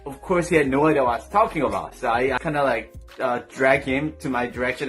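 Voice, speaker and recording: A man's voice: mid-range voice, fast talker, hardly any pauses, fairly bright tone, faint music behind. A young man from South Korea, speaking English with a Korean accent, telling funny stories in a storytime vlog and acting out the people in them as he laughs. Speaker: vlogger.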